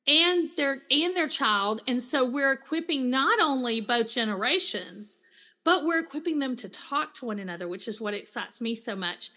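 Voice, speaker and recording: A middle-aged woman with a high, bright voice talks through her work as a counselor in a casual interview. She is chatty and animated and slips into quoted voices as she tells stories. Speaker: Christian counselor and author, guest.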